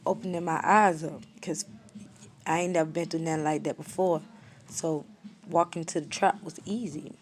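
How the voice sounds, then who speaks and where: Young woman in her twenties, low voice, flat matter-of-fact story time delivery. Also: normal speed. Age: 20s. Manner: blunt, slangy and matter-of-fact, little emotion shown. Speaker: storyteller vlogger. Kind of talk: casual story time monologue.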